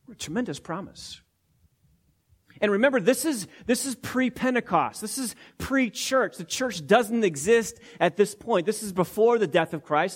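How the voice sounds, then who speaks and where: A male pastor delivers a verse-by-verse sermon, leaning hard on single words and repeating phrases for weight. His voice sits a little higher than most men's. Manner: emphatic, word-by-word teaching with repetitions. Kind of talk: expository sermon.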